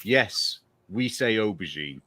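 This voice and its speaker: A man's voice: lowish voice, animated, slow, crowd noise. A man teasing and chatting playfully on a video call. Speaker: podcast co-host, knitwear designer. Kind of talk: casual chat.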